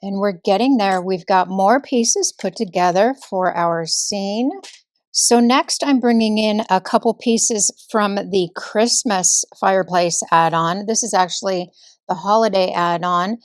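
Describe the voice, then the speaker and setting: Woman craft tutor, chatty and instructional, mid-pitched, leisurely delivery. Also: a little slow, dry recording, studio quality. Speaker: card-making tutorial host. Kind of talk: step-by-step craft demonstration.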